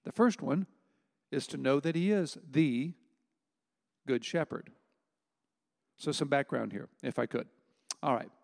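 A middle-aged man preaching a sermon as pastor, talking in a conversational way with emphatic pauses. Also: medium pitch, expressive, gravelly, a little mellow. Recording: long hall reverb.

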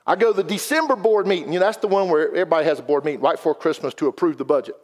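A man's voice: fairly high pitch, very fast, few pauses. A man, giving an earnest, folksy personal testimony as a guest speaker in a church. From South Carolina. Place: church sanctuary. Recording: long hall reverb.

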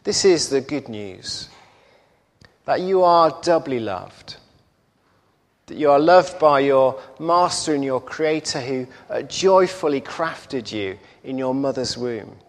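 A man preaching, telling a parable in an unhurried storytelling manner with small repetitions. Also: medium pitch, lively intonation. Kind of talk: sermon storytelling. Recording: echoey hall reverb.

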